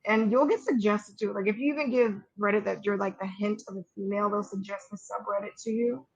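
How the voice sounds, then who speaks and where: A young woman co-hosting a podcast, chatting casually with a snarky, slangy manner and quick asides. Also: medium pitch, steady tone, breathy edge, dull audio. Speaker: podcast co-host. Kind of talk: casual gossip chat.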